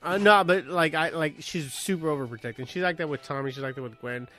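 Profane, animated man telling a story. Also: a little high, quick pace, soft background music. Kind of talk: casual chat.

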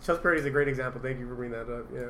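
A man chatting casually, rambling and animated, telling stories with laughs and swearing. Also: mid-range voice, racing, a little hiss or hum. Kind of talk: casual chat.

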